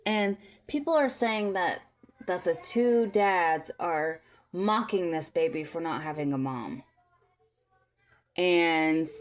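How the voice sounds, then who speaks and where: A young woman, a mother, talking casually to her viewers in a rambling storytime vlog, full of fillers and restarts. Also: on the low side. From Tennessee, US. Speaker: vlogger, mother.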